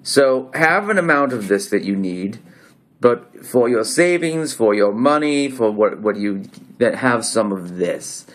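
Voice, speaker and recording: Holding coins up to the camera, a male video host explains them casually in an affected accent. His medium-pitched voice is expressive and measured in pace, though his rambling talk repeatedly stops and starts over.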